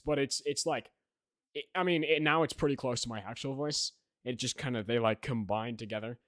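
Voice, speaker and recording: A man's voice: mid-range voice, a little fast, fairly bright tone, dry recording, clean studio sound. A teenage young man hosting a podcast, telling a story in a rambling way, full of fillers and "right?" check-ins. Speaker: podcast host. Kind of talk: casual chat.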